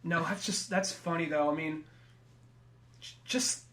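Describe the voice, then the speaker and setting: A man's voice: a little high, steady tone, a little slow, fairly bright tone. A man co-hosting a casual comedy podcast, joking, swearing freely and slipping into comic voices. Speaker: podcast co-host.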